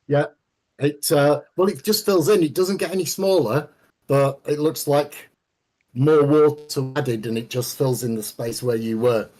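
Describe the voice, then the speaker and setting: A man running a tabletop role-playing session as game master. He narrates in a relaxed, hesitant way, full of pauses and fillers, and counts dice aloud. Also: fairly high pitch.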